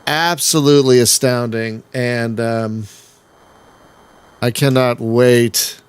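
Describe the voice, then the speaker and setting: A man's voice: mid-range voice, steady tone, slow pace, clean tone, dry recording. A man hosting a casual let's-play, chatting and rambling as he plays, laughing often and sometimes breaking into exasperated outbursts. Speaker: gaming channel host.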